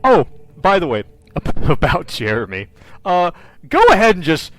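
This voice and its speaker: A man in casual chat as the game master, lively and laughing, trailing off into quiet asides. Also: sits high, normal speed, no echo. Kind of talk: wrapping up a tabletop game session, casual chat.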